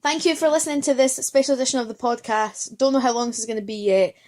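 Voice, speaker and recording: A woman's voice: a little high, quick pace, a little mellow. Rambling tipsy young woman podcaster. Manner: rambling, swears freely. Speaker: podcast host. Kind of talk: casual chat.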